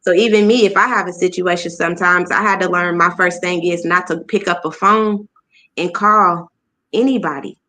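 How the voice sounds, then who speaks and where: A woman's voice: on the low side, steady tone, moderate pace, sharp tone. A woman in a casual religious discussion, speaking earnestly and reflectively, often saying "you know what I'm saying". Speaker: discussion participant.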